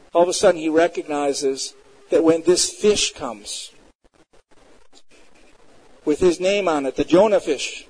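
A man preaching a sermon as a pastor, earnest and reflective, at times slowing down. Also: fairly high pitch, a little mellow, low-quality recording.

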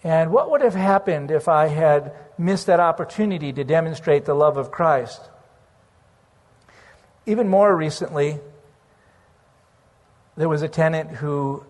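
A man's voice: fairly high pitch, slow, pauses often, long reverb tail. A man preaching, telling a personal story in an earnest way and slipping into prayer. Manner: earnest storytelling, slips into praying aloud. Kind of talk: sermon testimony.

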